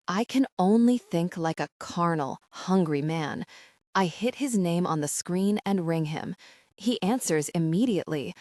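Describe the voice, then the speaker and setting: A woman with a fairly low voice reads a romance audiobook in the first person. The sound is dry and close, with no room around it. She slows down and lingers over the steamy passages. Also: a little mellow, no room sound. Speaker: audiobook narrator.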